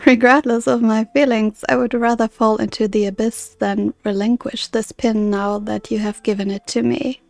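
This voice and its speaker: A woman reading aloud the lines of an earnest, formal woman guardian from a game, in a measured, soft-spoken way. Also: fairly high pitch, creaky, no echo.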